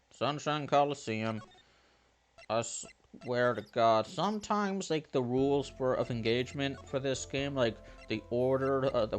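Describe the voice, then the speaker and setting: A man casually commenting while playing a game, swearing freely and reading lines aloud. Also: mid-range voice. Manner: animated, swears freely, reads dialogue aloud. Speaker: game streamer. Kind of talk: casual let's play commentary.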